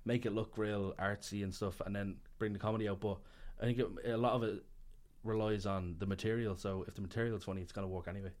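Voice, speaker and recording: A man's voice: lowish voice, steady tone, fast talker, hardly any pauses, darkish tone. A male filmmaker talking casually about his work, rambling, with lots of fillers and restarts. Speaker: filmmaker guest. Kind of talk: casual podcast conversation.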